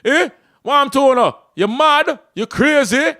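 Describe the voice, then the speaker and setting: A man with a Jamaican accent voicing a rough rural Jamaican man who scolds people loudly and keeps asking if they are crazy. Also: very high voice, animated, measured pace, no echo, clean studio sound, pitched above the performer's own voice, exaggerated voice. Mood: scolding. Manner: loud, scolding rants full of rhetorical questions.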